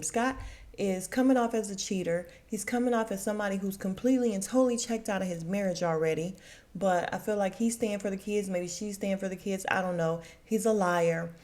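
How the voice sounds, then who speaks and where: A woman hosts a podcast and talks through a TV episode in a loose, casual chat. She is blunt and opinionated and swears freely, with a pitch in the ordinary middle range for a woman. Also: normal speed, a little mellow. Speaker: podcast host. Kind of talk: casual TV recap.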